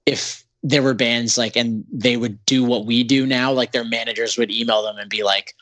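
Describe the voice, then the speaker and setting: A man's voice: medium pitch, fairly even intonation, normal speed, fairly bright tone, no room sound. A Canadian man, a band's singer, talking as a podcast guest in a sarcastic, profane, rambling way with lots of fillers. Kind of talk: casual podcast interview.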